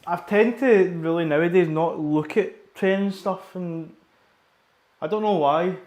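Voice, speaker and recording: Sweary scottish guy rambling between sets, kinda high voice, echoey gym. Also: unhurried, a little mellow. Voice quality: sweary, rambling, repeats himself. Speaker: livestreaming gym-goer. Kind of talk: casual chat while training.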